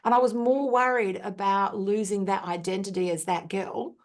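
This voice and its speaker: Aussie woman guest on a podcast, middle pitch, earnest and thoughtful, lots of ums. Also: steady tone, normal speed. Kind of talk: reflective personal storytelling.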